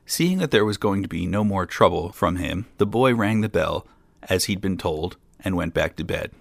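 Guy reading a fairy tale out loud, low gravelly voice, dry close sound. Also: animated, moderate pace, dry recording. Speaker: storyteller.

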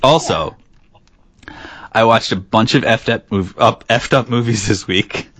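A man's voice: lowish voice, unhurried, a bit bright, no room sound. A man co-hosting a podcast, chatting casually and joking as he rambles. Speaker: podcast co-host.

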